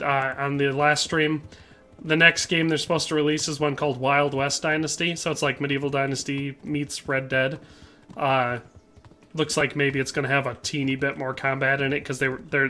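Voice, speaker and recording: Bright-voiced chatty male game streamer. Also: mid-range voice. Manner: chatty, reads viewer comments aloud and answers them; playful, joking asides. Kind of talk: casual livestream commentary while playing.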